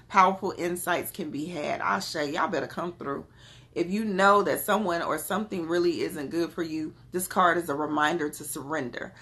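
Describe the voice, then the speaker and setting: A woman's voice: sits low, a bit bright. A woman giving an oracle card reading to her viewers, casual and affectionate, calling them beloved and urging them on. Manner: casual and chatty with spiritual talk. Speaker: spiritual card reader.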